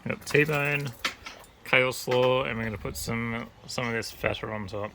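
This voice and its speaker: A man's voice: mid-range voice, moderate pace. A man joking and chatting casually on a family travel vlog. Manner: joking, teasing. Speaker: travel vlogger. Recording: noisy outdoor camera audio.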